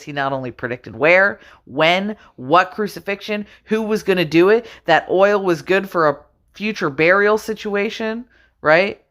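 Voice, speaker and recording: A woman at home giving casual commentary on scripture, reading verses slowly and laughing often as she talks. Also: on the low side, animated, a bit bright. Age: adult. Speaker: religious video host.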